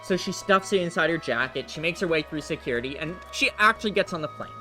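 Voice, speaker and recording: A man with a fairly high voice commentating his speedrun in a loose, rambling way. He tells a long joke between fights, full of uhs and restarts. Game music plays clearly behind him. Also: expressive, quick pace, pushed and bright, rough recording. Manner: rambling joke-telling, many fillers. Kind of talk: casual gameplay commentary.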